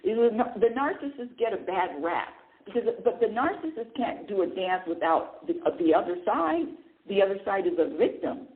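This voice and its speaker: A woman hosting a spiritual talk radio show, speaking in an animated way. She asks herself questions, answers them, and chuckles often. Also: mid-range voice, moderate pace. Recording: narrow phone-like line.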